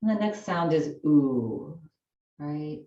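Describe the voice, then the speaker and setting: A woman leading a gentle chair yoga class, giving soft, slow, soothing cues for breathing and stretching. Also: low-pitched, expressive, reverberant, recorded from a distance, dull audio.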